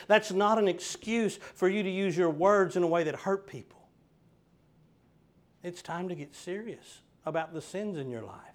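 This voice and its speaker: A man preaching a sermon, emphatic and direct with his listeners. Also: high voice. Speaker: pastor.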